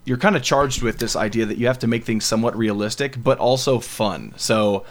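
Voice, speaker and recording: A man's voice: medium pitch, brisk. A man hosting a casual podcast about role-playing games, joking and laughing as he talks. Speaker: game master and podcast host. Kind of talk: casual discussion.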